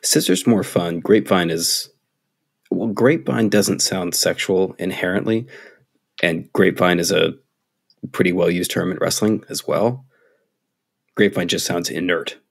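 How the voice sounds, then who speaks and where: A man co-hosting a casual podcast, rambling through a recap with halting restarts. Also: low voice, creaky, breathy edge. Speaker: podcast co-host.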